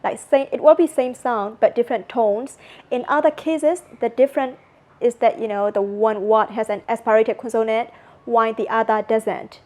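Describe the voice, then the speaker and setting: A woman from Myanmar, a native Burmese speaker with a Burmese accent, giving an informal lecture with many "like" and "you know" fillers while slowly repeating sounds to demonstrate them. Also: on the high side, steady tone, a little mellow. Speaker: language presenter.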